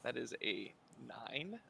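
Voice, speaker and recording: A man's voice: medium pitch, sing-song, slow, gravelly, sharp tone, slightly rough. A man playing a tabletop game who states his character's actions in a matter-of-fact way. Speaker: player. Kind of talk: casual tabletop play.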